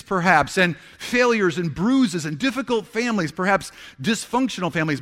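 A man's voice: high voice, bright, forceful tone. A man preaching a sermon as pastor, conversational and earnest, acting out heartfelt prayers.

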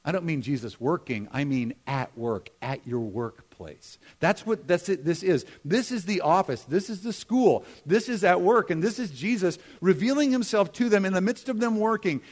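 A middle-aged man preaching a sermon in a conversational way, with humorous asides, moving between emphatic lines and hushed ones. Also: high voice, animated, moderate pace, hardly any pauses. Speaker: pastor.

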